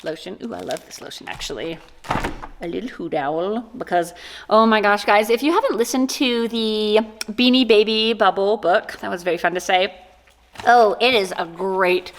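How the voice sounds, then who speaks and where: An American small business owner chats casually in a vlog as she unboxes gifts, gushing and exclaiming with delight. Her voice is medium-pitched and a bit bright, picked up by a microphone mounted on the camera.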